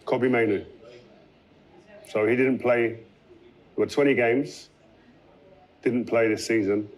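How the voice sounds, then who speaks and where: A man's voice: medium pitch, steady tone, unhurried. A man interviewing a footballer, asking his questions in a conversational way.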